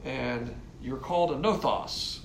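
A man's voice: mid-range voice, slow, vocal fry, slight background noise. A man teaching a Bible lesson from diagrams, explaining in a blunt, emphatic way.

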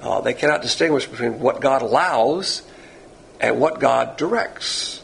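A man's voice: medium pitch, creaky, fairly bright tone, slight background noise, poor audio. A man giving a recorded Bible teaching, emphatic, stretching key words and correcting himself as he goes. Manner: emphatic, self-correcting, drawn-out stresses.

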